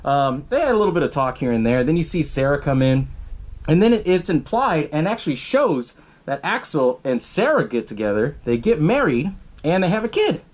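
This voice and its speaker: A man's voice: fairly high pitch, fairly quick. A young man hosting a podcast, casually recapping a horror film with lots of swearing and acted-out bits of dialogue. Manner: profane, animated retelling with acted-out quotes. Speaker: podcast host.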